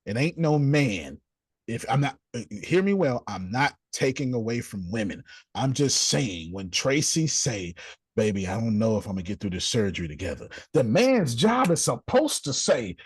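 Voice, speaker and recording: A man leads a group class in a preachy yet playful manner, acting out small scenes in an animated teaching talk. His medium-pitched voice is sing-song and slightly rough, at a moderate pace, with no echo.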